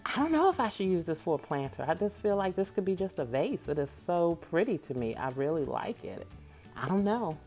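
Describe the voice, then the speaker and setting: A woman vlogger chatting casually and directly to her viewers from home, staying off camera while she shows things. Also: deep voice. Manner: chatty, talks straight to viewers.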